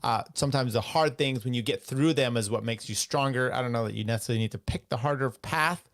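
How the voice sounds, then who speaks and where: A man with a gravelly voice talks loosely between clips, rambling and circling back. The sound is dry and close to the mic. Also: mid-range voice, fast talker, a bit bright, dry recording. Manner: loose, rambling, many uh fillers. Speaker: podcast host. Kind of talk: casual podcast commentary between clips.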